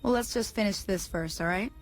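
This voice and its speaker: A down-to-earth frontier woman from a game, played by an actress, speaking in a mid-pitched, drawling, easygoing way. She sounds like a friendly teacher, with faint music playing behind her. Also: brisk, natural voice. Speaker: game character, ranch hand guide.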